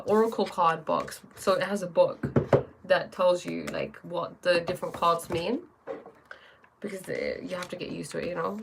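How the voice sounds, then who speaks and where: A woman's voice: lowish voice, gravelly, a bit bright, slight background noise. A woman hosting a live stream who chats casually, greets viewers by name and reads oracle cards aloud, often restarting her sentences.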